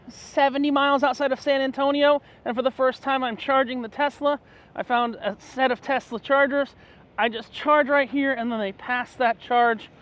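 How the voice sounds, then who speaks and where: A man chatting excitedly in a casual travel vlog, rambling with fillers as he explores roadside stops. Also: sits high. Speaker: travel vlogger. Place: roadside stores and outdoors.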